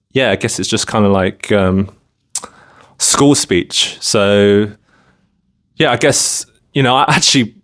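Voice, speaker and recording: A man from London talking casually to camera in a rambling vlog monologue, full of filler phrases. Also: on the low side. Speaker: vlogger.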